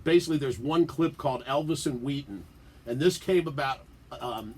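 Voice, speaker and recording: A middle-aged man from the Washington DC area tells stories as a guest in a casual radio interview, laughing and acting out the quotes. His voice is on the high side and slightly rough. He's in a radio studio.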